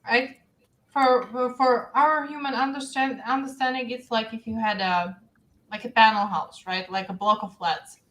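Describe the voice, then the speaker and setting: Woman explaining with halting restarts. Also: a little high, fairly even intonation, fairly bright tone, a little hiss or hum, poor audio. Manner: halting, searching for words. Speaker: author guest. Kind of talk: casual panel chat.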